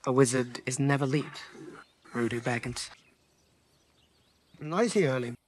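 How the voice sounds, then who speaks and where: A man's converted voice playing a stern, proud old male wizard, speaking gravely from a film scene. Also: mid-range voice, unhurried, slight background noise, close to an everyday voice. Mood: haughty.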